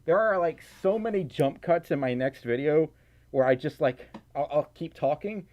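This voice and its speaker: A young man chatting on a livestream, reading out donations in an excitable, giggly, rambling way that keeps running him out of breath. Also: a little high, normal speed, a little hiss or hum. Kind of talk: casual livestream chat. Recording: slightly dull lo-fi stream audio.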